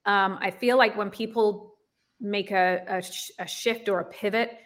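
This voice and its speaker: A woman guest on a podcast, chatting openly with quick little asides. Her voice sits at a middle pitch for a woman, with an easy, everyday sound. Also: fairly even intonation. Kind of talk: casual interview talk.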